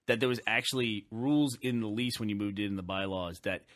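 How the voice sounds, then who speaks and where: A man's voice: lowish voice, a little fast, a bit bright. Laughing, swearing male storyteller. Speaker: podcast co-host. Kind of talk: casual chat.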